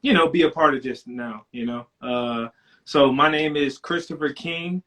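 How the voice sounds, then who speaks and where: A man from New Orleans, a guest on a live stream, relaxed and hesitant with many fillers, talking on a laptop. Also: a little high, normal speed. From New Orleans, USA. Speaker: guest, prosecutor. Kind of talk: casual live-stream interview.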